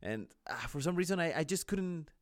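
A man co-hosting a gaming podcast, talking casually and pausing often to search for his words. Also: a little high, expressive, dry recording, studio quality. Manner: hesitant, many fillers, searching for words. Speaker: podcast co-host.

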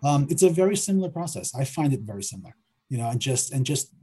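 A middle-aged man, a filmmaker and writer, talking through his process in a relaxed interview, often repeating words as he thinks. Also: mid-range voice, fast, breathy edge. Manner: hesitant, repeats words while thinking aloud. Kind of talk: conversational interview.

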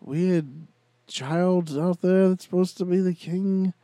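A man's voice: sits high, steady tone, takes it slowly, warm tone, no room sound. A man doing a polite accented castle guard. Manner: put-on polished accent, courteous and naive. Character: polite young male castle guard, dreamy storyteller. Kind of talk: improvised comedy role-play.

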